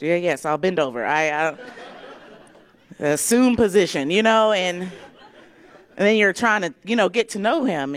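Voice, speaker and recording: A woman from Georgia performing brash, crude stand-up comedy and often laughing through her lines. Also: mid-range voice. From Decatur, Georgia, USA.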